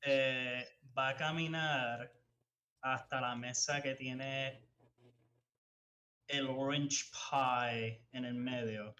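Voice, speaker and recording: A man taking part in a tabletop game describes his character's actions. He speaks slowly and switches back and forth between English and Spanish. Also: medium pitch, steady tone, bright, forceful tone, clear, resonant tone, rough recording. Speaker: player.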